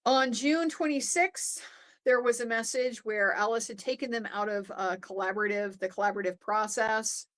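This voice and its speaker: A woman's voice: on the high side, moderate pace, fairly bright tone. Conversational woman recapping a trial. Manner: conversational, many fillers and restarts. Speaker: legal commentator. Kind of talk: casual recap commentary.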